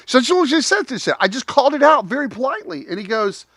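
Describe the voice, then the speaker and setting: A man's voice: very high voice, big pitch swings, brisk, a bit bright, no echo, studio quality. A man hosting a live talk show, chatting casually and acting out dialogue, laughing often.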